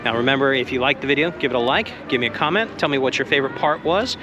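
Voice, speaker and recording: A fast-talking travel vlogger with a mid-range voice describes the food and wine he's tasting at a bustling outdoor Christmas market, chatty and eager as he savors them aloud. The audio is dull, with music and street noise behind him.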